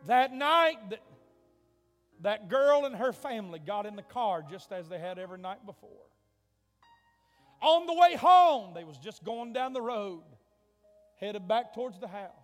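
A male preacher telling a story in a revival sermon, dramatic, swinging from hushed tones to shouts. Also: high-pitched, expressive, unhurried, long pauses. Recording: long hall reverb, faint music.

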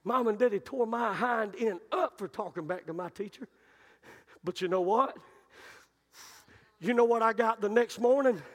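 High, bright-voiced preacher in a hall. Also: male voice, normal speed, pauses often. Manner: storytelling, building to shouted climaxes. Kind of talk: sermon. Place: church sanctuary. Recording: long reverb of a church hall.

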